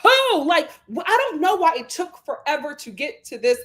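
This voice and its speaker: A woman, giving an animated, gossipy live review of reality TV. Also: high voice, a little fast. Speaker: show reviewer.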